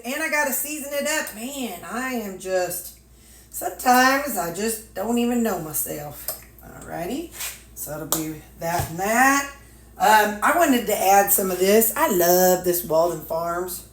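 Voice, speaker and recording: A woman's voice: mid-range voice, lively intonation, measured pace, fairly bright tone, slight background noise. Older woman, homespun chatty vlogger talking to herself as she packs meals, echoey kitchen with dishes clattering. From Missouri, USA. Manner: folksy, chatty, talks to herself, drawling asides. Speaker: weight-loss vlogger. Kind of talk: casual chat while packing meals. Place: home kitchen.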